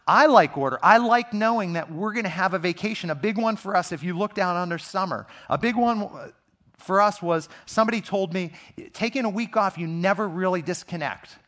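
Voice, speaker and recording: A middle-aged man with a fairly high voice preaches to a congregation, talking as if chatting with friends. He is earnest and speaks from personal experience. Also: fairly bright tone. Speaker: pastor. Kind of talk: sermon.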